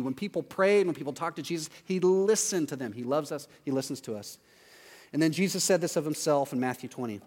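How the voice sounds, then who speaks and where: A man in his thirties, a pastor giving a conversational sermon, acting out quotes with sudden loud yelps. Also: on the high side, animated, brisk. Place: church auditorium. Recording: long hall reverb, faint music.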